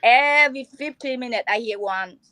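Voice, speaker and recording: A woman chatting as a podcast guest in halting English full of fillers and restarts. Her voice sits a bit high. The sound is dry and close, with no room around it. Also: bright, forceful tone, no room sound, low-quality recording. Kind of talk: casual chat.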